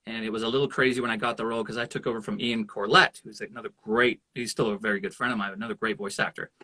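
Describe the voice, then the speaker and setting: A man, a voice actor guest, chatting in an interview and telling lively stories. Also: on the low side, very fast, no room sound. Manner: animated storyteller who jumps into voices. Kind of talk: casual interview chat.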